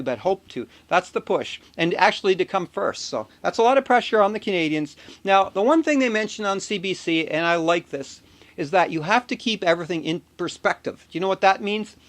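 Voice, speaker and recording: A man's voice: high-pitched, a bit bright. A man vlogging in a casual, chatty way, telling an anecdote with chuckles. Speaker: video blogger. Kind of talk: casual chat.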